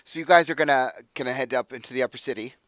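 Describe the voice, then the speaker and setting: A man running a tabletop game, talking in a loose, rambling way full of fillers. He has a medium pitch and a dry, close sound. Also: very fast, no room sound. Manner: relaxed, rambling, many "like"s. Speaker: game master.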